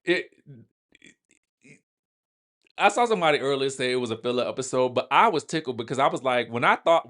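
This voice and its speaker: A man hosting a casual recap of a reality show. He talks straight to his viewers and acts out the cast members' lines in quick asides. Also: a little high, a bit bright. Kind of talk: animated casual recap commentary.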